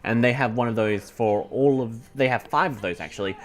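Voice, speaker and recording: A man's voice: mid-range voice, brisk. A young man casually commenting on a video game he is playing, eagerly explaining things and rambling with many fillers. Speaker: gameplay commentator. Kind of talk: casual let's play chat.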